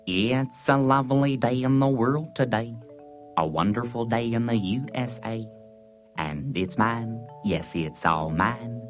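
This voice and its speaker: A man's voice: mid-range voice, unhurried, soft background music, close to an everyday voice. A man playing a president as a children's-show host, talking down as to children in a sing-song way. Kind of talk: comedy sketch record.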